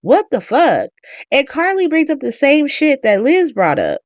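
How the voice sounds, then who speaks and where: Lively gossipy woman recapping a show. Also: high-pitched, a little slow, no echo, studio quality. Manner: animated, profane, slangy, gossipy. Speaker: podcast host. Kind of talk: casual TV recap chat.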